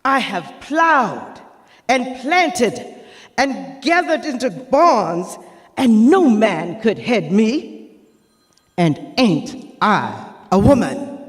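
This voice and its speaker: A woman's voice: fairly high pitch, big pitch swings, very slow, in a large hall, pitched above the performer's own voice, exaggerated voice. A woman playing a proud, fierce woman orator from the 1800s, speaking in an impassioned, declamatory way. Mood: defiant. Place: performing arts center stage.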